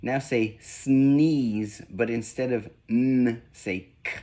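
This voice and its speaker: A man slowly giving spoken sound-swap drills, one deliberate prompt at a time. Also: mid-range voice, fairly even intonation, dark tone. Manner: slow, deliberate, evenly paced prompts. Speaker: reading test examiner. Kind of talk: slow scripted phoneme drill.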